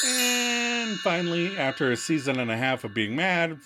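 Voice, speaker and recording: A man's voice: a little high, expressive, moderate pace, hardly any pauses, noisy background. A man co-hosting a podcast, narrating scenes playfully and chuckling. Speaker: podcast co-host. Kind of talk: casual recap chat.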